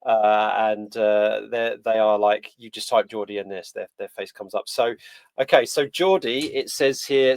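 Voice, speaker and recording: A man's voice: lowish voice, steady tone, measured pace, clear, resonant tone, dry recording. A man hosting a podcast interview in a casual, rambling way with lots of fillers and restarts. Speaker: podcast host.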